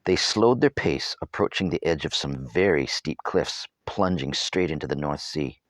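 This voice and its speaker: A man's voice: rumbling low, no echo, studio quality. A man reading his own novel aloud as storybook narration, with wry, humorous asides.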